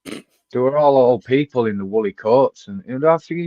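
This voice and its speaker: A man's voice: mid-range voice, animated, moderate pace, no room sound, lo-fi sound. A man co-hosting a casual football podcast, blunt and sweary, mock-ranting. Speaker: podcast co-host.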